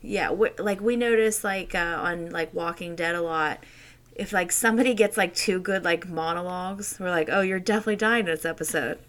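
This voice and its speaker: A woman's voice: lowish voice, moderate pace. A woman co-hosting a podcast in casual chat, talking loosely with many "like"s. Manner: loose, rambling talk full of "like". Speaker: podcast co-host.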